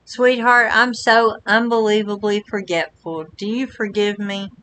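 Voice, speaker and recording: Woman voicing a flowery young street magician, bright tone, unhurried gushing lines. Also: medium pitch, steady tone, slight background noise, natural voice, poor audio. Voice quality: flowery, overly sweet manner. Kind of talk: reading game dialogue aloud.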